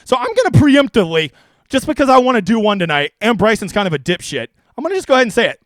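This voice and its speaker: A man's voice: extremely high pitch, big pitch swings, racing, dry recording, clean studio sound. A man hosting a fantasy sports live stream, talking in a brash, profane, rambling way. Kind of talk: casual live stream commentary.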